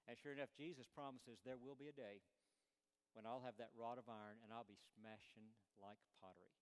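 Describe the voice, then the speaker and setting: A man preaching a sermon, swinging between emphatic, raised lines and hushed, slowed quotations. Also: medium pitch. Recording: long hall reverb.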